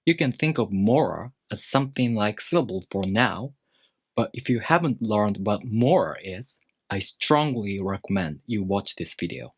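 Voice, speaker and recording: Man giving a measured, dry-voiced lesson. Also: fairly low pitch, lively intonation, breathy edge, no echo. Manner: measured, step-by-step explaining. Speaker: language teacher. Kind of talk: scripted explanatory lesson.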